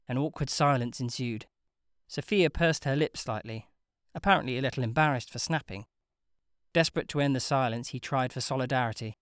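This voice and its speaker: An audiobook narrator reading a novel in a measured, wry storytelling manner. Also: medium pitch, clear, resonant tone, no room sound, clean studio sound. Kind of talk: scripted narration.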